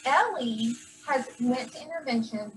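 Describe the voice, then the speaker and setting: A woman teacher handing out awards to her first-grade class, speaking with warmth and sometimes getting teary. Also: sits high, expressive, measured pace. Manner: affectionate, gets teary. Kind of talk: award ceremony speech to a class. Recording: distant camera, faint room noise.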